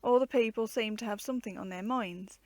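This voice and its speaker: A woman reading a vintage children's storybook aloud, shaping each sentence with expressive, varied storytelling. Her voice sits fairly high. The sound is close and dry, with almost no room around it. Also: brisk, no echo.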